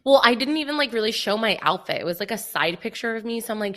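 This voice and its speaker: A young woman co-hosting a podcast, telling a story in an animated way, acting out quoted dialogue and saying "like" a lot. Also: medium pitch, fast talker. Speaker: podcast co-host. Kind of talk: casual chat.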